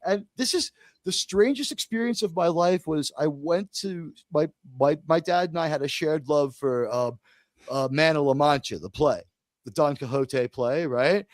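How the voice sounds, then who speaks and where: A man from the United States hosts a casual panel stream, talking in an animated, jokey way with big theatrical emphasis. His voice sits high for a man, and the sound is close and dry, with no room around it. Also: normal speed, dry recording. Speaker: host.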